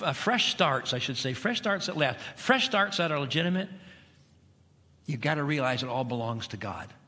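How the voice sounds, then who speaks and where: A middle-aged man preaching from a church pulpit, driving his points home with repetition and pointed questions. His voice is bright and a little high, and it rings out with a long hall reverb. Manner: emphatic preaching with repeated phrases and rhetorical questions. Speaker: pastor. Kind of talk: sermon. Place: church sanctuary.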